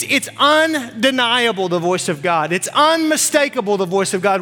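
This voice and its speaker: High, bright-voiced preaching man. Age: 40s. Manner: impassioned preaching, repeats phrases. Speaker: pastor. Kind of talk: sermon. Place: church stage. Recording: long church reverb with faint music.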